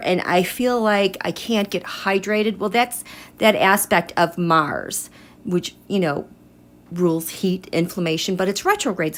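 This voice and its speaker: A woman's voice: mid-range voice, a bit bright. Chatty woman hosting a tarot livestream. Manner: chatty and rambling, greets viewers by name. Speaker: tarot and astrology livestream host. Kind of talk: casual livestream chat.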